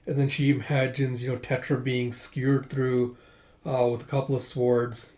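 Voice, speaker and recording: Guy doing a chill manga readthrough, mellow voice, lots of "he's like". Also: medium pitch, flat delivery, normal speed. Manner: retells scenes with "he's like" paraphrase. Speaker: manga reviewer.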